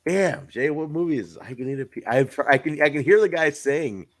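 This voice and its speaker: A man hosting a casual live-stream podcast chat, animated, swearing and joking with his co-host. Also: on the high side, fairly quick, no echo.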